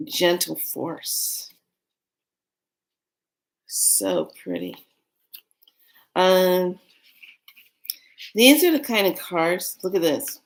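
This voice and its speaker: A woman who reads oracle cards, telling a rambling, excitable story in a casual vlog. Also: lowish voice, slow, long pauses. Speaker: oracle card reader.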